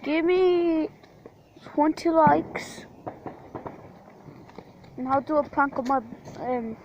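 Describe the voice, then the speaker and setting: Woman from Portugal, vlogger, defiant rambling delivery with casual swearing; slightly high voice, dull lo-fi outdoor night recording. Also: slow pace, a little mellow, a little hiss or hum. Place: outdoors at night during fireworks.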